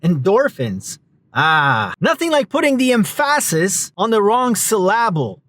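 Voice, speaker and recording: A man talks straight to camera as a self-help coach, giving direct, step-by-step instructions and calling his listeners folks. His voice sits high for a man and moves with lively swings of pitch. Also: measured pace. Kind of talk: motivational talk to camera.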